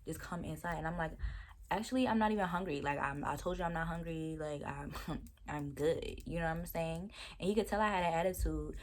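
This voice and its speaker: A woman's voice: sits low, fairly quick, a little hiss or hum. A woman vlogger casually telling a story, chatty and exasperated, with restarts along the way.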